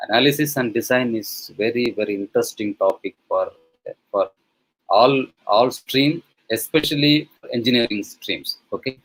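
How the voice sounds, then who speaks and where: A man's voice: mid-range voice, moderate pace, fairly bright tone, rough recording. A male professor from India giving an online lecture to teachers, talking conversationally with many fillers and frequent "okay?" checks.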